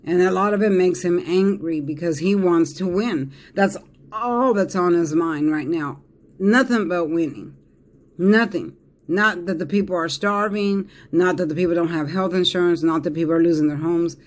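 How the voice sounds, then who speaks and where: A man's voice: sits high, moderate pace. A man giving a casual tarot reading, talking emphatically and repeating himself with fillers and restarts. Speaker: tarot reader.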